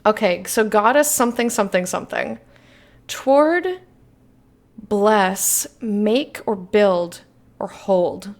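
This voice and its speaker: A young woman playing a game and commenting casually, excitable and playful, swearing now and then. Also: mid-range voice, slow. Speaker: let's play streamer.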